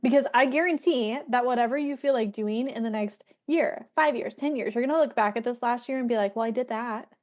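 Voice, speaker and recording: A woman host speaks in a somewhat high voice during a relaxed interview. She reflects on her guest's story in an encouraging, motivational way. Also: fairly quick, few pauses. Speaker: podcast host. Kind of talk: casual interview chat.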